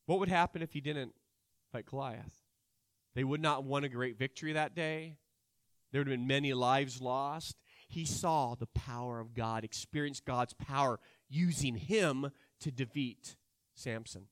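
A man preaching a sermon, acting out Bible characters' lines and swinging between loud and quiet delivery. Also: mid-range voice, measured pace, no room sound, clean studio sound.

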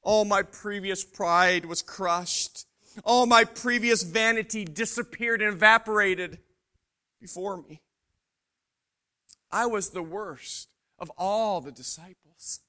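Casting: a man doing a grief-stricken male disciple, high sharp voice, slow and hushed. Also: full character voice. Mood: remorseful. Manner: dramatic first-person monologue, hushed, broken pauses. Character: remorseful adult male disciple recounting his denial.

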